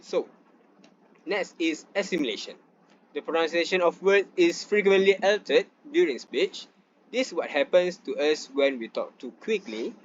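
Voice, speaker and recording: A young man giving a student class presentation, reading from slides with pauses and restarts. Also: a little high, lo-fi sound, slight background noise. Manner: reads from slides with frequent fillers and restarts.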